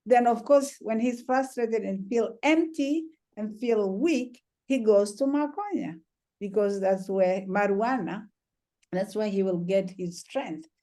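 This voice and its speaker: Mellow-voiced woman healer, gentle and reflective. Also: mid-range voice, unhurried. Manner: gentle, reflective, many "you know"s. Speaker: trauma healer, interview guest. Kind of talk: conversational storytelling.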